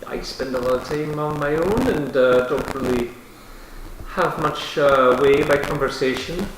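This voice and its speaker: A man's voice: on the high side, heavy reverb, a little hiss or hum, lightly acted, low-quality recording. A man doing a hesitant reclusive dwarf woman. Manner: hesitant, halting with many fillers. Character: reclusive female dwarf hermit, soft-spoken and odd.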